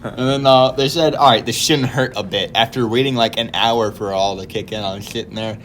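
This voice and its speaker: A man chatting on a podcast, his voice sitting at an ordinary middle pitch. He tells his stories with animation and keeps breaking into laughter. Faint noise sits behind him. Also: steady tone, fairly quick, a bit bright. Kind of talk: casual storytelling chat.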